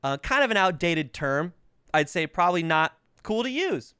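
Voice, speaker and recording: A man's voice: high voice, moderate pace, clear, resonant tone, no room sound, studio quality. A man in his thirties hosting a podcast, telling stories in casual, profane chat, ill with covid and coughing. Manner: profane, animated, mimics voices in quotes. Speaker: podcast host. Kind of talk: casual comedic storytelling.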